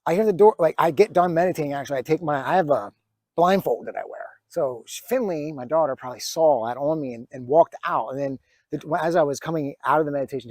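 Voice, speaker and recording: A man's voice: fairly high pitch, a little mellow, dry recording. A man in his forties telling a personal story in a vlog, earnest and reflective, with many fillers and restarts, close to tears at times. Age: 40s. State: emotional, near tears at times. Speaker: vlogger.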